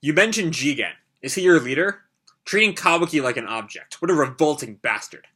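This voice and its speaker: A man voicing a furious but steady middle-aged ninja hero, reading manga lines aloud in a grim, measured way. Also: on the high side. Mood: cold.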